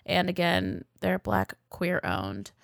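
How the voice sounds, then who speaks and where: Young woman podcast cohost, smooth clear voice, dry close sound, chatty and fast, says like a lot. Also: on the low side, big pitch swings, no room sound. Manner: quick, chatty, heavy use of "like". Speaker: podcast co-host. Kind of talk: casual chat.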